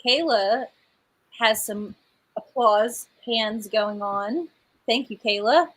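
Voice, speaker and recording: A woman chatting casually to viewers of a livestream. She is the author, laughing often and warmly addressing the audience as "y'all". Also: on the high side, slow pace, low-quality recording. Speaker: author hosting a live book premiere.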